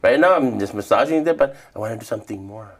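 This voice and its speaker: An older man from Guam, telling stories of his past in a relaxed, reflective interview. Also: fairly low pitch, quick pace. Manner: relaxed, reflective storytelling with quoted dialogue. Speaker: interviewee, traditional healer. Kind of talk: casual storytelling interview.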